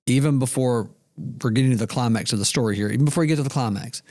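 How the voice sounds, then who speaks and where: Male co-host, medium pitch, reflective and self-deprecating storyteller, casual faith talk. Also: very fast, darkish tone. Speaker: podcast co-host.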